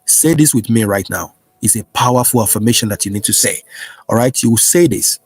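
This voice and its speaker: A man's voice: mid-range voice, a little fast, breathy edge, faint music behind. A man giving spiritual teaching and leading prayer affirmations, repeating each point with emphasis. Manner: repetitive, emphatic, insistent.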